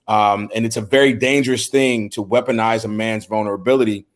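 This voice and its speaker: A man's voice: lowish voice, steady tone, a little fast. A middle-aged man co-hosting a podcast, talking earnestly and from the heart, often restarting his words. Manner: earnest, heartfelt, with frequent repeated starts. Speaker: podcast co-host. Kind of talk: casual discussion.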